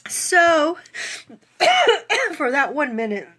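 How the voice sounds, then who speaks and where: A woman's voice: a little high, a little slow, a bit bright. A woman who created a fitness program, giving an emotional, gushing thank-you in a casual live video chat.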